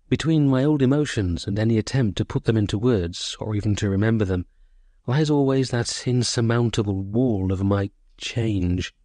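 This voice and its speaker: A man narrating a short story as an audiobook, in a measured, sorrowful first-person voice. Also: fairly low pitch, warm tone, dry recording, studio quality.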